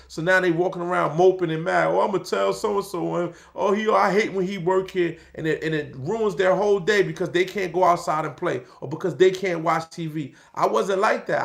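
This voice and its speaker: High gravelly-voiced man, casual street talk. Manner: street slang, animated, acts out quoted voices.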